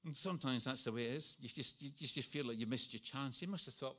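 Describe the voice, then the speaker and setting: A man's voice: mid-range voice, fast talker, few pauses, pushed and bright. A Scottish man in his sixties preaching a sermon, earnest and storytelling with self-deprecating humour. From Scotland. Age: 60s.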